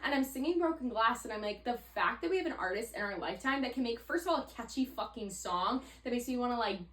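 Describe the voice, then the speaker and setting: A woman's voice: a little high, animated, quick pace, fairly bright tone. A woman in her twenties hosting a podcast alone, chatting casually with lots of "like" and frequent swearing. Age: 20s. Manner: chatty, swears freely, heavy "like" filler. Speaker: podcast host. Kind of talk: casual solo podcast monologue. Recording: roomy echo.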